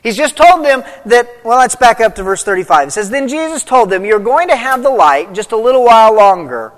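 High-voiced male preacher, echoing hall. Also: animated, fairly quick, a bit bright. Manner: reads scripture aloud, then explains with rising emphasis. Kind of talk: sermon. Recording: long hall reverb.

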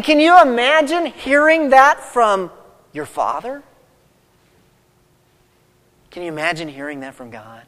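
A man's voice: sits high, a bit bright, long reverb tail. A man preaching a sermon as a pastor, reading scripture aloud and building to emphatic peaks.

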